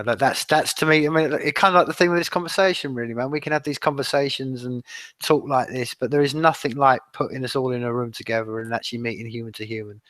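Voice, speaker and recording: A man's voice: mid-range voice, no room sound. A man hosting an interview, chatting in a rambling way and calling his guests "man". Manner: warm, rambling, says man a lot. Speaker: interviewer, host. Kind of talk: casual interview chat.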